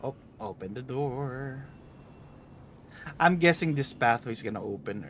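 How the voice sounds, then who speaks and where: A man's voice: medium pitch, lively intonation, measured pace, long pauses, fairly bright tone. A man streaming a game, casually musing to himself about what to do next. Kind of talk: live gameplay commentary.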